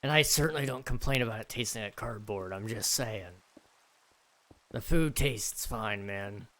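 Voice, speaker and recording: A man's voice: lowish voice, moderate pace, bright, forceful tone. A man casually chatting with his viewers on a live stream, rambling and joking with lots of fillers. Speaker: streamer reading chat.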